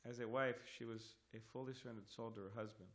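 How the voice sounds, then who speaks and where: A man leading a scripture class in a temple hall, reading verses and commentary aloud in a measured, word-by-word manner. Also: medium pitch, fairly even intonation, fairly bright tone.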